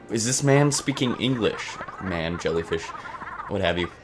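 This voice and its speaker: A man's voice: sits low, lively intonation, moderate pace, soft background music. A young man hosting a gaming channel, giving rambling, self-mocking let's-play commentary.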